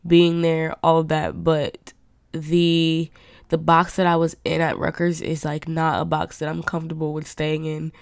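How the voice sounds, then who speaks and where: A woman's voice: low-pitched, clear, resonant tone, dry recording, clean studio sound. A young adult woman hosting her own podcast, chatting candidly in a rambling way with lots of fillers. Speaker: podcast host. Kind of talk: casual solo podcast chat.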